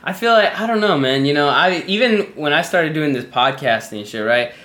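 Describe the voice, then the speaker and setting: A man's voice: fairly high pitch, lively intonation, brisk, fairly bright tone. A man hosting a podcast, talking loosely and profanely in a casual interview chat. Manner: loose, rambling, profane, drops into slangy quotes. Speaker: podcast host. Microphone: podcast microphone. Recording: echoey room.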